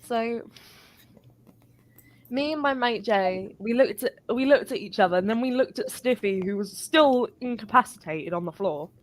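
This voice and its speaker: A woman telling an animated, sweary story in a casual live chat. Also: fairly high pitch, normal speed. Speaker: guest.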